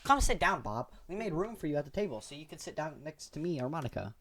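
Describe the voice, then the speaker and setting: A man's voice: on the high side, big pitch swings, quick pace, a bit bright, voice pushed up, heavily acted. A man voicing a cheerful teenage girl in a game, sweet and upbeat. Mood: welcoming.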